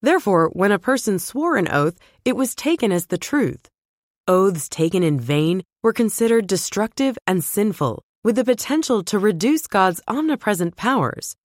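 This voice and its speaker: A woman narrating a scripted book summary in an even, clear reading voice. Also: medium pitch, moderate pace, no room sound, studio quality.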